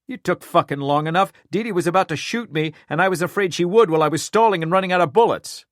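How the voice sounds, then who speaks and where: A man's voice: high-pitched, fast talker, no room sound, clean studio sound, pitched above the performer's own voice, close to an everyday voice. A man voicing a vengeful, furious cop. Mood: angry. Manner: threatening, yelling. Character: enraged male detective bent on revenge.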